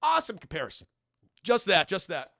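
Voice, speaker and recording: A man streaming a crude, excitable film review, talking to his chat and laughing often. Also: high-pitched, a little fast, no echo, studio quality. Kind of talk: casual livestream commentary.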